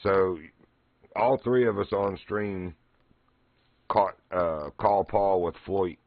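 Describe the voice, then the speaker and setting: A man's voice: low voice, takes it slowly, dry recording. A middle-aged man streaming a fishing game, telling stories in easy casual chat and laughing often. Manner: laughs often, easygoing storytelling. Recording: muffled lo-fi stream audio.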